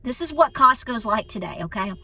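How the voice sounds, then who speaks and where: A homestead channel host with an East Tennessee Southern accent chats casually to her viewers, filming on a handheld phone held at arm's length, first inside a car and then in a busy store. Her voice is a little high, animated, brisk and bright with a forceful tone and breathy edge, and she's folksy, calling people honey.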